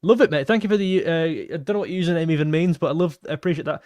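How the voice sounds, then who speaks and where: A man's voice: fairly high pitch, fast, hardly any pauses, darkish tone, no room sound, clean studio sound. A young man hosting a casual football fan livestream, reading out viewer messages and thanking donors in a chatty way. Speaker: football channel host reading donations.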